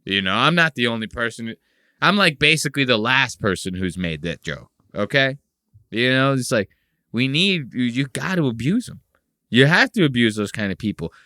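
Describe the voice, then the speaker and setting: A man's voice: mid-range voice, lively intonation, normal speed, bright, forceful tone, dry recording, clean studio sound. A man hosting a podcast, joking around in casual, profane banter. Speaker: podcast host.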